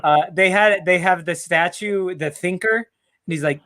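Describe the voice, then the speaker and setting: A man co-hosting a football fan show over a video call, joking, animated and laughing often. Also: fairly high pitch, unhurried. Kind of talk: casual banter on a live video show.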